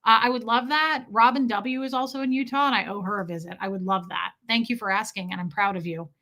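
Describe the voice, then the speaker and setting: A woman's voice: medium pitch, quick pace, sharp tone. A young adult woman hosting a livestream, chatting casually and animatedly with her viewers. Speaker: livestream host.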